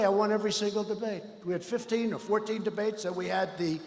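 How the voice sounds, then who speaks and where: A man giving a rambling, boastful campaign rally speech, often breaking into shouts. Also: sits high, fast. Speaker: political speaker at a rally. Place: large rally hall. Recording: echoey hall with long reverb.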